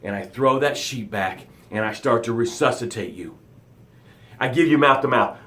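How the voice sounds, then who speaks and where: Speaking at a normal speed, a middle-aged man runs a motivational livestream, reading out viewer comments. He shifts between loud, dramatic surges and soft, hushed moments.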